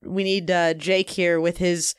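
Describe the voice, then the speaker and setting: Young woman, podcast co-host, easygoing chat, smooth voice, dry sound. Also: lowish voice, flat delivery, measured pace, no room sound. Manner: easygoing, laughs often.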